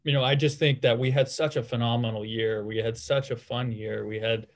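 A man in his thirties answering interview questions in a relaxed way, with many fillers and restarts. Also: mid-range voice, fairly quick. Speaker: guest, former hockey player.

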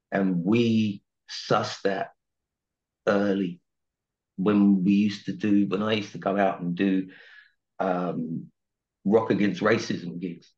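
A man's voice: on the low side, lo-fi sound. A man, a singer talking earnestly about growing up, leaning on "you know" and "right?". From South London, England. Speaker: singer, interview guest. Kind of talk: candid reflective interview talk.

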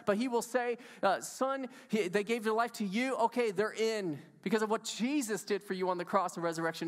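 A high-pitched male pastor preaching a sermon in a casual, emphatic way, firing rhetorical questions at the congregation. His voice carries a long reverb from the church sanctuary.

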